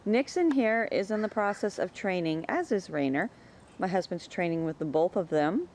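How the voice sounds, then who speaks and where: A woman talking casually about her dogs in her yard, chatting away and calling to them in a high sing-song. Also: darkish tone, slight background noise. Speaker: dog breeder. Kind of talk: casual home video narration.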